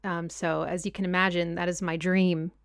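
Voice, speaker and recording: Smooth-voiced young woman, chatty livestream host. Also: lowish voice, level tone, normal speed, no room sound, studio quality. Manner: chatty, reads out viewer comments and answers them. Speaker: music analysis channel host. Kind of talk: casual livestream Q&A chat. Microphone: personal desk mic.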